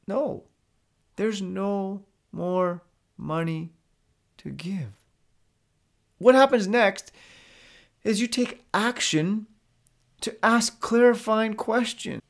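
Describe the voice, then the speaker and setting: A man's voice: sits high, creaky. A man hosting a podcast, giving blunt, profane, direct coaching advice in a monologue.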